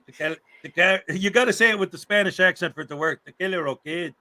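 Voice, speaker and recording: A man's voice: high voice, racing, sharp tone. A man hosting a livestream in casual chat, upbeat and repeating words for emphasis. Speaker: livestream host.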